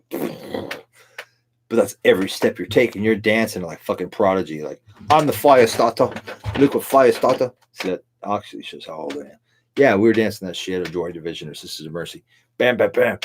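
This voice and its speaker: A man's voice: low voice, a little hiss or hum. A middle-aged man hosting a livestream, a tipsy, rambling and profane monologue with frequent laughter. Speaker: livestream host.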